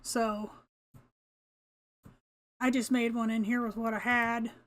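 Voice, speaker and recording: High-voiced older woman chatting while gaming. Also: level tone, slow pace. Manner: chatty, talks to herself, laughs often, mild cursing. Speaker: gamer. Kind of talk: casual gameplay commentary.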